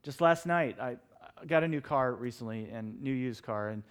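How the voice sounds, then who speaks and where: A middle-aged man preaching a sermon in a church, telling stories with animated, acted-out outbursts. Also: mid-range voice, moderate pace, smooth. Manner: animated storytelling, acts out his own shouts. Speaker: pastor.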